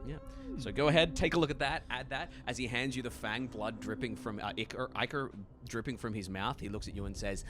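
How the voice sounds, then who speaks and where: A man narrating as game master in a one-on-one tabletop game, relaxed and filling pauses with frequent "uh" sounds. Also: medium pitch, music in the background. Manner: relaxed, many "uh" fillers, quick laughs.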